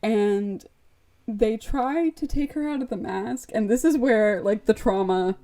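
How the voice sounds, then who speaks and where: A woman's voice: a little high, a little slow. A woman co-hosting a podcast, retelling an episode in casual chat and acting out the characters' lines. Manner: animated storyteller, acts out the lines, says like often. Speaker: podcast co-host.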